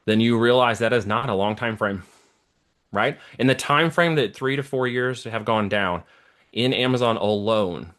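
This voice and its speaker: A man's voice: medium pitch, normal speed, fairly bright tone. A middle-aged man talking as an interview guest, giving a motivational talk and often checking in with "okay?" and "right?". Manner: preachy, checks in with listener often. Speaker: guest, entrepreneur.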